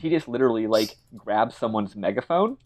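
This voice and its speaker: A man's voice: lowish voice, lively intonation, fairly quick, slight background noise. Man rambling through a game recap. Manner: rambling, joking. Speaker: podcast co-host. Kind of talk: casual chat recapping a video game.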